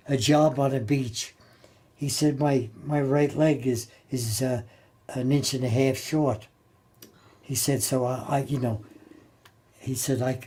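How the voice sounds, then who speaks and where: An older man recalling his time as a Navy sailor in a halting, plain-spoken way, often repeating and restarting his words. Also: medium pitch, mellow. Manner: plain-spoken, colloquial grammar. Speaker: Navy veteran interviewee. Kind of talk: oral history storytelling.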